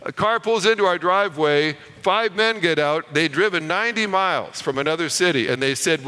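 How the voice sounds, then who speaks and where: A man preaching a sermon in a big reverberant hall. His voice is bright and crisp, a little higher than most. He tells a story and drops to a hush on the key lines. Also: normal speed, few pauses.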